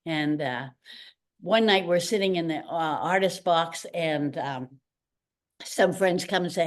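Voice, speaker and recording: A woman's voice: lowish voice, a little slow. An older woman from Canada, a retired ballerina, telling stories in a casual interview and acting out the voices of the people in them. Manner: animated storyteller acting out quoted voices. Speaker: guest, retired ballerina and teacher.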